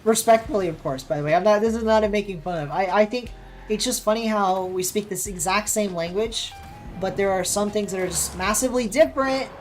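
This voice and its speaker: Soft music plays behind this American woman, a streamer and caster, as she talks a little fast in a medium-pitched, somewhat dark voice. She's chatty, reacting to the match she's playing and to her viewers' chat.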